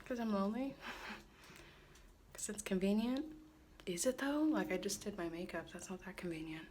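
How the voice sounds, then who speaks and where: A young woman talks straight to the camera in a loose, rambling vlog, mocking herself as she thinks out loud. Her voice sits at a middle pitch, and faint noise hums under it. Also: normal speed. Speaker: vlogger. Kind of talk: casual talk to camera.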